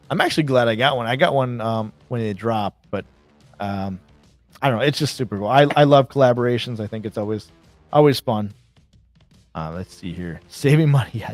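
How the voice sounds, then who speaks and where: A married man hosting a casual live stream, chatting excitedly and reacting to viewer comments. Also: medium pitch, no echo. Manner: excited, chatty, reads chat aloud.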